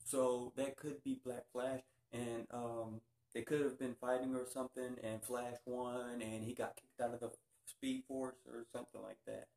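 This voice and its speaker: A man hosting a casual TV review vlog, talking excitably and peppering his speech with "freaking.". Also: mid-range voice, a little slow, vocal fry, few pauses. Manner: excitable, keeps saying "freaking". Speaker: YouTube reviewer. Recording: roomy echo.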